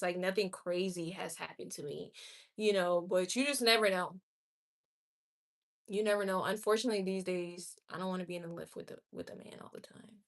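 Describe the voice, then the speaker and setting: Bright-voiced woman livestreaming. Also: medium pitch. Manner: chatty and candid, with quick laughs and exclamations. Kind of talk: casual live chat reading viewer comments.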